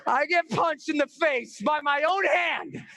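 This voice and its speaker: A man giving an energetic storytelling talk at a live event, acting out scenes and shouting the dramatic parts. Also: extremely high pitch, unhurried, rough recording. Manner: animated, acts out scenes and screams. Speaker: motivational speaker.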